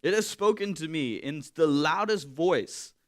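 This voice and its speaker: A man giving a sermon in a candid, conversational way, swinging from loud to hushed. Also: on the high side, lively intonation, a little slow. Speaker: pastor.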